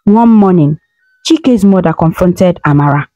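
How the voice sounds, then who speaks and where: Woman narrating a folktale, mellow tone. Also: mid-range voice, lively intonation, measured pace, no echo, muffled recording, soft background music. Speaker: storyteller.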